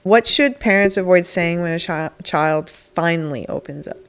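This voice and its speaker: Co-host asking loose questions, gravelly voice, lots of likes. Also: mid-range voice, normal speed. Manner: asks rambling questions, frequent short agreements. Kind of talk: casual chat.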